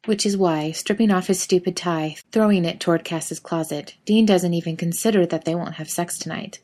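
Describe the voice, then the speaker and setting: A woman reading a story aloud in a steady, even way. Her voice sits somewhat low for a woman. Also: moderate pace. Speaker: narrator.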